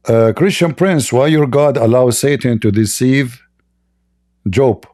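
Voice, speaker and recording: A man's voice: medium pitch, darkish tone. A man hosting a live online debate, mocking and combative, often laughing at his opponents. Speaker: debate host.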